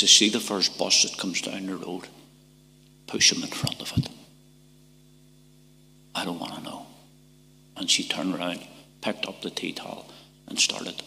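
Gravelly Northern Irish man in a church. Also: low-pitched, sharp tone. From Northern Ireland. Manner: halting and emotional, with repeated words and whispered passages. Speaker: testimony speaker. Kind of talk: church testimony. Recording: church hall reverb.

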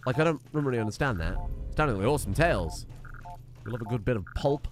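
A man's voice: mid-range voice, lively intonation, fast talker, over music. A man giving wry, chatty let's play commentary, swearing casually. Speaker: gaming streamer.

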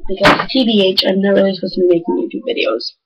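A teenage girl chatting casually to her vlog viewers, rambling excitedly through a story with big jumps in pitch. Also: fast, breathy edge, dull audio. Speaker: vlogger.

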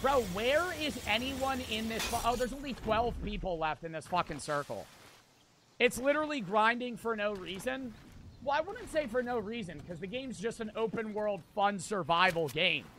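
A man streaming gameplay in casual commentary, brash and profane, answering chat with quick irritation. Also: high-pitched, animated, a bit bright, slight background noise. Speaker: streamer playing a battle royale game.

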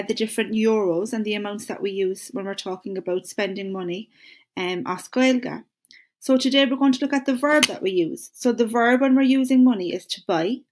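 A woman with an Irish accent teaching a recorded lesson to schoolchildren, speaking in an encouraging way and slowly repeating phrases for them to say along. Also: medium pitch.

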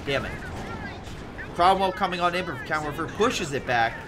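A man giving chatty, animated play-by-play commentary on a strategy game replay, with lively asides to his viewers. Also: a little high, normal speed, background noise. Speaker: video game replay caster.

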